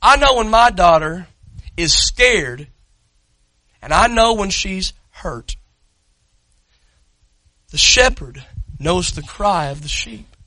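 A man preaching an impassioned sermon as pastor, telling a story dramatically and rising to shouts. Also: high voice, expressive, slow, pauses often, no echo, rough recording. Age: adult parent.

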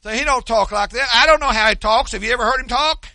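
Folksy Oklahoma preacher man, bright voice. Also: extremely high pitch, no room sound. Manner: folksy, conversational, quick with restarts. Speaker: pastor. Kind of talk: sermon.

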